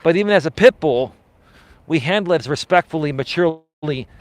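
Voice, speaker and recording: Man, high voice, passionate, emphatic, argumentative, walking live stream, outdoors on a street. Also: animated, brisk, dry recording. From Greek heritage. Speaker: life coach live streamer. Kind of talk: walking live stream, reading chat aloud.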